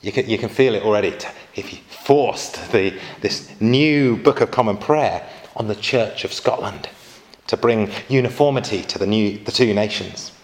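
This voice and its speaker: A man's voice: fairly low pitch, moderate pace. A man giving an informal church history lecture, adding chatty asides and asking his listeners questions.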